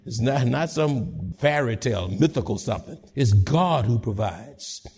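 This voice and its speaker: A man pastor preaching a sermon in call-and-response style, with repeated words and passages that rise to shouting. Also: medium pitch, animated, unhurried, slightly rough.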